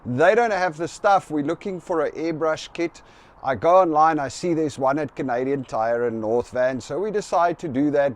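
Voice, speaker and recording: A middle-aged South African man with a South African accent, casually recounting a story to camera and acting out both sides of an argument. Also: on the high side. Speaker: vlogger.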